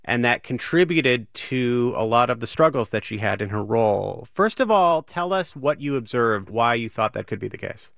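A man's voice: mid-range voice, expressive, moderate pace, few pauses, fairly bright tone, dry recording. Male radio host with a dry studio sound. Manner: clear, composed, conversational questioning. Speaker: radio news host, interviewer. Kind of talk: radio news interview.

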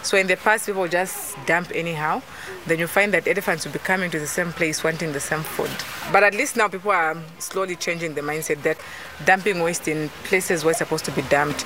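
A speaker explains the local situation in a halting way, pausing on fillers as they go. Noticeable outdoor noise sits behind the voice. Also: mid-range voice, fairly even intonation. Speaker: interviewee and interpreter. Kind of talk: casual explanation.

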